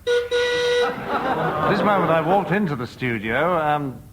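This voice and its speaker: A man with a very lively, swooping voice improvises wry story lines on a comedy panel. The old radio recording is heavily hissy. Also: fairly high pitch, slow. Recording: noisy archive radio recording.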